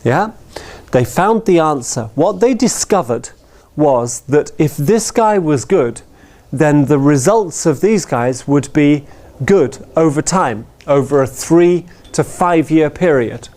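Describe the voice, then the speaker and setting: A man's voice: fairly high pitch, animated, slow pace, mellow. A man giving a storytelling talk who often checks in with his listeners by asking "yeah?". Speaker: speaker.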